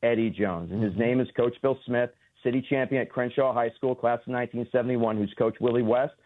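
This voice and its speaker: A man's voice: mid-range voice, fairly even intonation, a little fast, no echo. A man in his forties from Los Angeles, calling in to a sports radio show and talking in an earnest, emphatic, rambling way. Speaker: caller. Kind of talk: call-in radio chat. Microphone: phone call. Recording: tinny phone line.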